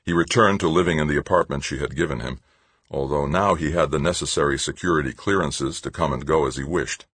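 A man narrating an audiobook in a steady, measured reading. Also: very deep voice, breathy edge, no echo. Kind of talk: scripted narration.

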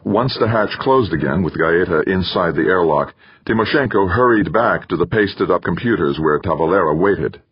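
Man, audiobook narrator, very low voice, husky, dry slightly muffled recording. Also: animated, normal speed, no echo. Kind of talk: scripted narration.

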